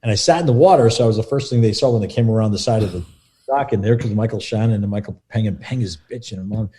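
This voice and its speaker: Fast-talking man telling set stories. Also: fairly low pitch. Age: middle-aged. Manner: animated, acts out quotes of others. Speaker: film assistant director, guest. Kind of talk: anecdotal interview storytelling.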